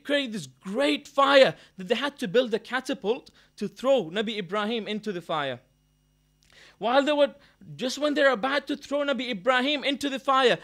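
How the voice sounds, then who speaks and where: A man giving a sermon, moving between loud declaiming and quiet storytelling and reciting Arabic verses. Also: extremely high pitch. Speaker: preacher. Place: mosque gathering hall.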